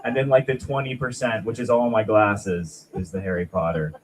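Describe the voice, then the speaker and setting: A man's voice: lowish voice, fairly even intonation, moderate pace, slight background noise, rough recording. A young man doing a rambling, self-deprecating stand-up set at a small open mic, chatting with the crowd. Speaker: stand-up comic.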